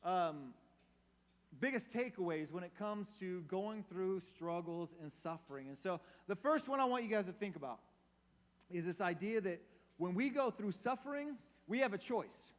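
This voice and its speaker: High-voiced man preaching in a reverberant hall. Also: expressive, moderate pace. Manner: casual, conversational preaching with fillers and direct questions to the audience. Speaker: youth pastor. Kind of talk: sermon. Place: church hall. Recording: long reverb of a church hall.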